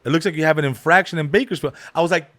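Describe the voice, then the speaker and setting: A man's voice: rapid-fire, fairly bright tone. A man hosting a comedy podcast, telling a story with street slang and acting out every person in it with big swings in volume. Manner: acts out every character with big jumps in pitch and volume; street slang, calls people "dog" and "bro".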